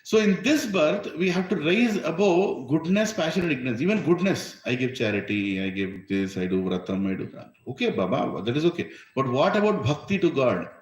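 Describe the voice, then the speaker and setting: A man's voice: on the high side, very animated, a little fast, hardly any pauses, roomy sound, rough recording. A man with an Indian accent giving an emphatic religious discourse, full of rhetorical questions. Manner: emphatic, rhetorical, asks "right?" often. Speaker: spiritual teacher.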